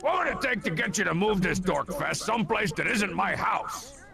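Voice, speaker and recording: An actor playing a cocky, scheming cartoon man in a video game, with a gravelly, sarcastic delivery. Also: high-pitched, expressive, normal speed, pushed and bright, exaggerated voice.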